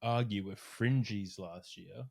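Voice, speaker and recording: A man, a strength coach, chatting casually on a podcast and telling animated stories, swearing freely along the way. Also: lowish voice, slow, vocal fry.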